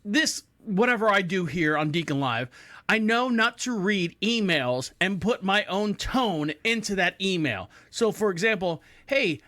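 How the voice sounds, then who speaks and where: A man's voice: high voice, no room sound. A man in his forties hosting a podcast in casual chat, telling stories animatedly and acting out quoted people. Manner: animated storyteller who acts out quoted people. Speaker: podcast host.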